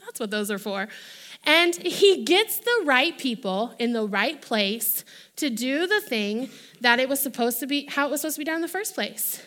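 Bright, high-voiced woman preaching. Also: normal speed. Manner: animated, acts out quoted voices. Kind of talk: sermon.

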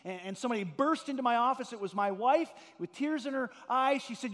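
A middle-aged man preaching a sermon as a pastor, telling stories earnestly and rising to loud, emphatic peaks. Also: very high-pitched, fairly quick, hardly any pauses, in a large hall.

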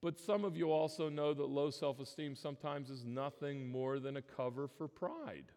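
A man's voice: a little high, fairly even intonation, normal speed, a little mellow. A man preaching a sermon as pastor, earnest and emphatic, often restarting his phrases. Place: church sanctuary. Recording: long church reverb.

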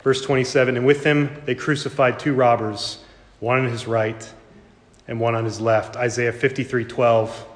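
A man preaching a sermon, his delivery swelling loud and high before dropping to a hush. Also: level tone, moderate pace, roomy sound, long reverb tail.

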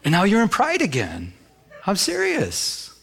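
A man's voice: high-pitched, wildly swooping pitch, a little slow, vocal fry, a bit bright, breathy edge. A man preaching a sermon as pastor, with many restarts, who acts out the voices he quotes.

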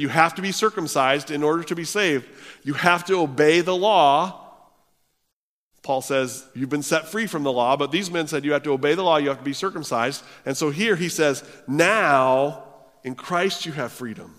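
Man preaching in a reverberant hall. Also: mid-range voice. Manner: dramatic swings from hushed to loud when quoting scripture. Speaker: pastor. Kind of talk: sermon.

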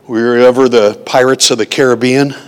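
A man's voice: mid-range voice, fairly even intonation, brisk, clear, resonant tone. A pastor giving an informal, conversational teaching to a small group, often asking his listeners rhetorical questions. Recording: long hall reverb.

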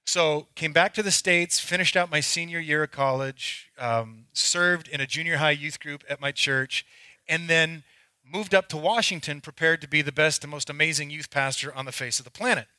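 A man's voice: a little high, moderate pace, pushed and bright, smooth, no room sound. A middle-aged man, a pastor, preaching a sermon and telling candid, self-mocking stories about himself.

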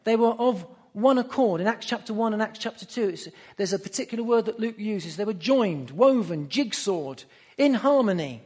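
A man's voice: high voice, lively intonation, moderate pace, a little mellow. A man preaching a sermon, emphatic and fond of repeating key phrases. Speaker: pastor.

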